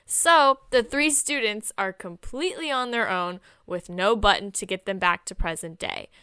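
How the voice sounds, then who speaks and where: A young woman walks through a book's plot in casual podcast chat, dropping dry, sarcastic remarks along the way. Her voice is bright and crisp, and the recording is close and dry, with no room sound. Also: mid-range voice, moderate pace, dry recording. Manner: wry, sarcastic asides while summarizing. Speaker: podcast co-host. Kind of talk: casual chat recapping a novel.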